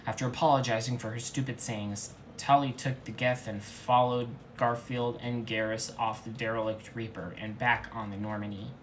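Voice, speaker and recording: A man reading fan fiction aloud in a deadpan, earnest comedic style. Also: medium pitch, moderate pace, hardly any pauses, a little hiss or hum, rough recording. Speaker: reader.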